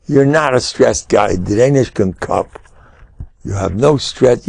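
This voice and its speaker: An older rabbi delivers a humorous Torah lesson, his pitch swinging widely as he jokes and acts out conversations. A gravelly rasp runs through his voice. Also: unhurried, dry recording. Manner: animated, joking, acts out dialogues.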